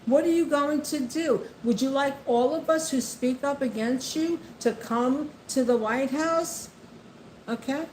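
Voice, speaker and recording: A woman's voice: high voice, a little mellow, slight background noise. A woman delivering an impassioned monologue of political commentary, repeating herself and speaking straight to the president. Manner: impassioned, repetitive, addresses the president directly. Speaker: vlogger. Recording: echoey room with faint ambience.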